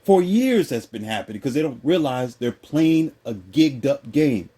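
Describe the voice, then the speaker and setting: A man talking casually and with strong opinions, mocking people with quick impressions and jumping up in pitch. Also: breathy edge. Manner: animated, mocking impressions, jumps high in pitch. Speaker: host.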